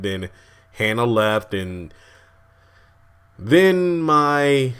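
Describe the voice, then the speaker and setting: A man with a slightly low voice reviews a TV episode in a loose, chatty way. He rambles, restarts his sentences and keeps breaking into chuckles as he talks. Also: fairly bright tone, clean tone. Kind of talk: casual video review.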